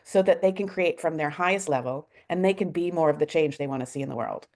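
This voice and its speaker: A woman's voice: sits low, fast, darkish tone. A woman coach on a video call who speaks in an earnest, emphatic way. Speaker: guest, coach.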